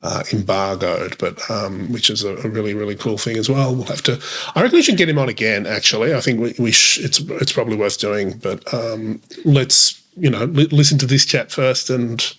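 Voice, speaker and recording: A man's voice: lowish voice, normal speed, fairly bright tone, slightly rough. A man co-hosting a casual podcast chat, rambling along with plenty of fillers and restarts. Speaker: podcast co-host.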